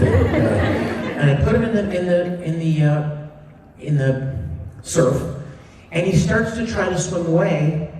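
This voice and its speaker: A man, a voice actor, telling stories at a convention panel in a big hall, animated and laughing as he talks. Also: on the high side, slow, background noise. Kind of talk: convention Q&A storytelling. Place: large convention hall with audience. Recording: distant fan recording in echoey hall. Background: crowd laughing.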